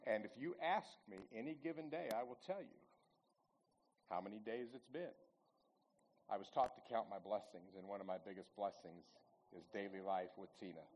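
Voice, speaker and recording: A man's voice: fairly low pitch, moderate pace, a little mellow, a little hiss or hum, poor audio. 60-something guy telling a church crowd homey stories, keeps asking them stuff. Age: 60s. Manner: folksy, chatty, asks the audience questions. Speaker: lay speaker giving a church talk. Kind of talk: storytelling testimony talk.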